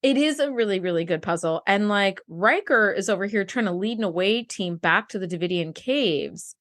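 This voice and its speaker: A woman's voice: medium pitch, expressive, normal speed, a bit bright. A woman co-hosting a podcast, chatting casually and animatedly as she recaps an episode, saying "like" constantly. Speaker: podcast co-host.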